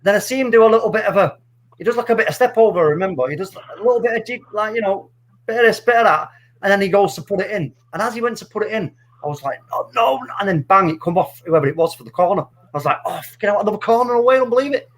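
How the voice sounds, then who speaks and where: A middle-aged man telling a story in casual chat, animated and swearing freely. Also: high-pitched, fast talker. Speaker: podcast co-host.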